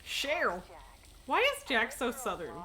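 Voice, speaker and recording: A woman's voice: a little high, very animated, measured pace, bright, forceful tone. A young woman streaming a game, chatting casually, giggling and swearing freely. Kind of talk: casual live-stream commentary.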